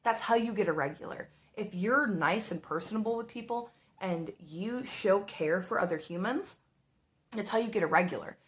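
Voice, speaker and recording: A young woman casually telling a story about her restaurant job while doing makeup, animated and swearing, slipping into exaggerated voices for the people she quotes. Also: mid-range voice, normal speed.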